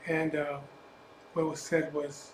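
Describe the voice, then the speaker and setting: A man's voice: fairly high pitch, little pitch movement, takes it slowly. A man telling a personal story in a blunt, profane, emphatic way, casual storytelling style as a biker vlogger. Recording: echoey room with faint ambient noise.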